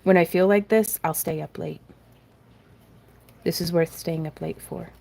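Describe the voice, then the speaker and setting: A woman with a low, mellow, slightly gravelly voice hosts a live crafting stream from her home craft room. She chats in a loose, rambling way, pokes fun at herself and reads out viewer comments as she works. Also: fairly even intonation, measured pace. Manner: rambling and self-deprecating, laughs often, reads chat aloud. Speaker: craft tutorial host.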